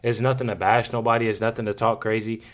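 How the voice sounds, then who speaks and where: A man's voice: fairly low pitch, flat delivery, quick pace. A man hosting a reaction video, talking in a casual, slangy, repetitive way and sometimes laughing in disbelief.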